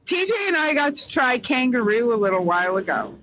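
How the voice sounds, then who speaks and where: A woman's voice: on the high side, big pitch swings, fairly quick, a bit bright, no echo, lo-fi sound. A woman from Canada in a casual chat, curious and asking questions.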